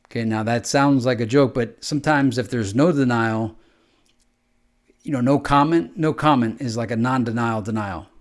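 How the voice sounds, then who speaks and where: A man's voice: medium pitch, normal speed. A man hosting a podcast, talking in a rambling, conversational monologue and acting out quoted exchanges. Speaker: podcast host. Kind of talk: casual monologue.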